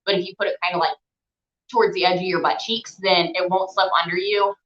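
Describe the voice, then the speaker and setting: A woman's voice: lowish voice, fairly even intonation, brisk, fairly bright tone. A young woman teaching a stretching class, chatty and encouraging, a little out of breath as she holds the stretches. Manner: chatty, encouraging, filler-heavy. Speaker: stretching instructor. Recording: echoey room, dull lo-fi sound.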